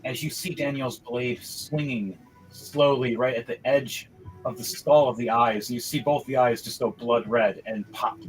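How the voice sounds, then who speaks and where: A man running a tabletop game as game master, narrating vivid action with sudden excited outbursts. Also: mid-range voice, moderate pace, soft background music, rough recording.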